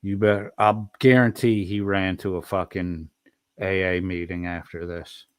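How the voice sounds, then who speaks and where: A man's voice: low-pitched, level tone, a little slow, clear, resonant tone, dry recording, studio quality. A man streaming profane, mocking commentary, swearing constantly and throwing insults at someone in a clip.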